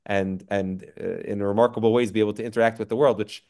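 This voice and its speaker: A man teaching an online class in a reflective way, with frequent fillers, drawing out quoted phrases slowly, recorded on a computer mic during a video call. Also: on the low side, fairly even intonation, darkish tone. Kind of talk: online lecture.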